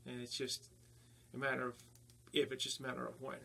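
A man from New Jersey with a North Jersey accent, a paranormal investigator telling of his investigations in a halting way with many fillers. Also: medium pitch, monotone, creaky, pushed and bright, slightly rough. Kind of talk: casual interview talk.

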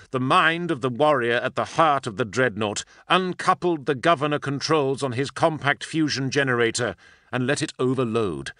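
A man reading a book passage aloud in a theatrical, expressive audiobook style. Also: mid-range voice, no room sound, clean studio sound. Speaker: guest reader.

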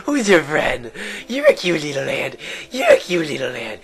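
A creepy little bug princess gushes in a high, breathless sing-song that leaps and swoops with every word, as a man puts her on. She is overexcited and strange, squealing over each tiny creature like a game character gone slightly off. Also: huge pitch swings, normal speed, gravelly, a bit bright, exaggerated voice. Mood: delighted. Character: creepy bug-obsessed girl princess, gushing. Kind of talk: let's play commentary with a put-on voice.

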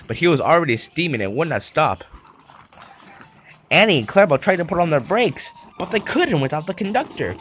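A man narrating a children's storybook in an animated read-aloud style. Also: fairly high pitch, brisk, slight background noise.

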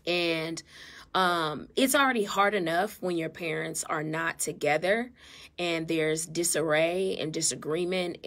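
Woman going live on her phone, low gravelly voice, earnest and heartfelt. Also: a bit bright. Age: adult, married mother. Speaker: therapist and vlogger. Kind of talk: casual live-stream talk.

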